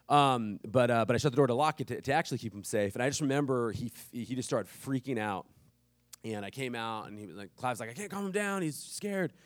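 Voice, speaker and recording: A man's voice: medium pitch, no echo. Man preaching with casual humor. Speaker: pastor. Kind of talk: sermon.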